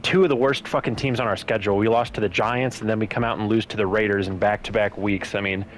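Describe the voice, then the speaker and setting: A man's voice: fairly low pitch, fairly even intonation, quick pace, a little hiss or hum, low-quality recording. A man from Ohio co-hosting a casual sports podcast, ranting with heavy profanity and exasperation. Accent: Cleveland, Ohio. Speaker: podcast co-host.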